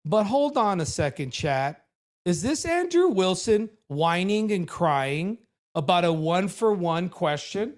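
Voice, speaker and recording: Sarcastic animated man commentating. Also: sits high, unhurried. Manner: sarcastic, animated, mocking impressions. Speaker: show host reviewing a debate. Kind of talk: casual commentary to a live chat.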